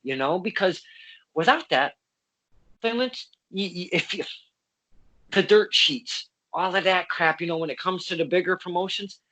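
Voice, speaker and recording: A man hosting a casual interview over a video call, excitable and swearing freely. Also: high voice, moderate pace, rough recording. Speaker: host.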